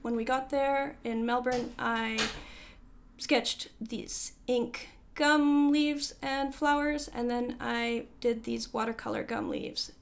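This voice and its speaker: A woman recording a casual voiceover for her vlog, talking quickly and rambling, with self-deprecating asides and many fillers. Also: on the high side, creaky. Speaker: artist giving a sketchbook tour. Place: home art studio. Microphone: voiceover microphone.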